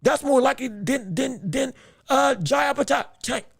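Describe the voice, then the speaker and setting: A man's voice: very high-pitched, normal speed, creaky, husky, no echo, studio quality. A man hosting a boxing podcast, making his points emphatically and repeating himself with frequent restarts. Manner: emphatic, repetitive, stumbling restarts. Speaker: podcast host.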